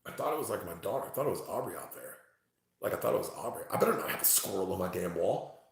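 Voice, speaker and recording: A man reading tarot live for his chat from home, talking excitably, swearing freely and exclaiming. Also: low-pitched, fast talker, gravelly. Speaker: tarot reader livestreaming to chat. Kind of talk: casual live-stream chat. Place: at home, indoors. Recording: very echoey room.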